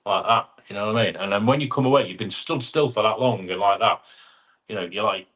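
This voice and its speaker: A man's voice: lowish voice, quick pace, fairly bright tone. A middle-aged man, hosting a casual live chat and greeting viewers by name as he reads their comments. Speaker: live stream host.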